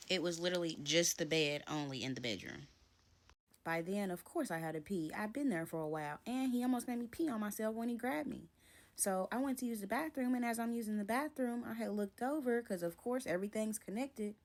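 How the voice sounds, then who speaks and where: A woman's voice: lowish voice, darkish tone. A young woman telling a personal story to camera, animatedly acting out both sides of an argument. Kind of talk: storytime vlog.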